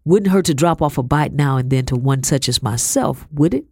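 A woman's voice: deep voice, expressive, normal speed, darkish tone, breathy edge, no echo, studio quality, full character voice. Woman putting on a sly greedy prison guard. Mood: wheedling. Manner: wheedling, folksy colonial speech.

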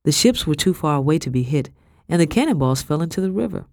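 Woman audiobook narrator, first-person historical fiction; steady, expressive, dry booth sound. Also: low-pitched, quick pace, dry recording.

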